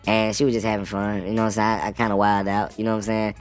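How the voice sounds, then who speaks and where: A man's voice: lowish voice, completely flat delivery, racing, clean tone, faint music behind. A man telling his side of a story in casual chat, laid-back and slangy, often checking in with the listener. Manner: laid-back, slangy, keeps adding "you know what I'm saying".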